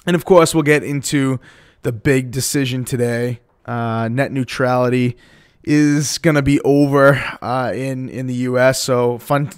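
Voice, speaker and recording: A man hosts a streamed podcast in a loose, rambling way, leaning on fillers as he moves between topics. His voice sits in a middle pitch and has a smooth, clear tone. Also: steady tone, measured pace. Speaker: podcast host. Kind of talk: casual podcast chat.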